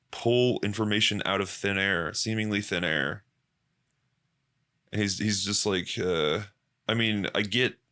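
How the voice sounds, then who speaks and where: A man's voice: deep voice, pushed and bright. A young man hosting a podcast, chatting casually and profanely and acting out quoted voices. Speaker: podcast host.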